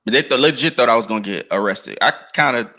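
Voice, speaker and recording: A man's voice: mid-range voice, quick pace, sharp tone. An American man chatting casually on a podcast, telling stories in a laid-back, slangy way. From United States. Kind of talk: casual chat.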